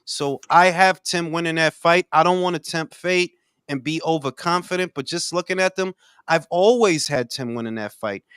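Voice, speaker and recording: A man's voice: a little high, moderate pace, a bit bright, clean tone, no room sound, clean studio sound. A man hosting a casual live boxing talk stream, joking and slangy, saying "bro" a lot. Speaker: host.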